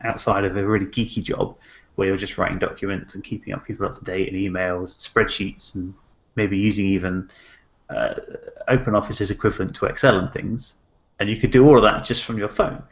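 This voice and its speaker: A man's voice: on the low side, steady tone, a little fast, creaky. A man co-hosting a tech podcast, talking enthusiastically and thinking aloud with lots of "you know"s. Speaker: podcast co-host. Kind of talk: casual tech chat. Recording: slightly muffled podcast audio.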